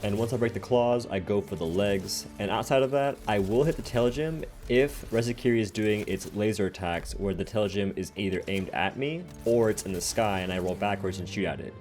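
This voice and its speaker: A man's voice: on the low side, a little fast, few pauses, darkish tone, soft background music. A man who hosts a gaming channel, casually explaining his game builds step by step in a voice-over.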